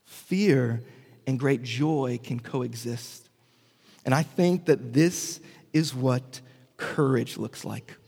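Pastor with a slow, reverberant delivery. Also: male voice, medium pitch, gravelly, breathy edge. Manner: expressive, shifts from animated to hushed and slow. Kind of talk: sermon.

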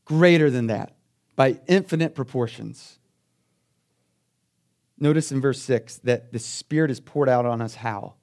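A man preaching a sermon as pastor, telling stories in a conversational way and swinging between quiet asides and loud, emphatic bursts. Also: mid-range voice, measured pace, long pauses.

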